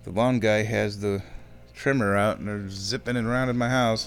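A man at home, ranting and giving casual opinionated commentary on a football match, often clearing his throat. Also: fairly low pitch, steady tone, normal speed, slight background noise. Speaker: fan watching a football match.

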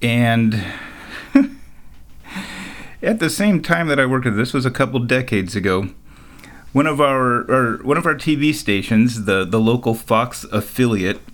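A middle-aged man rambles through a casual solo monologue at an ordinary mid pitch. He keeps chuckling at his own tales and drops dry, sarcastic asides along the way. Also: measured pace. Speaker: vlogger.

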